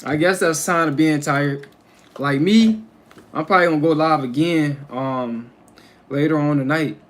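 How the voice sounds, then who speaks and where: A man's voice: a little high, normal speed. Rambling man chatting on a livestream. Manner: rambling and repetitive, restarting phrases. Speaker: livestream host. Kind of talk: casual livestream chat. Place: at home.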